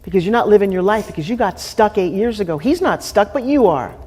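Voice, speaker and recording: A woman coaching a participant live, blunt and profane, pushing hard and often shouting. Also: mid-range voice, animated, fast, slightly rough. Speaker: transformational coach. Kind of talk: confrontational live coaching session. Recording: echoey hall with faint noise.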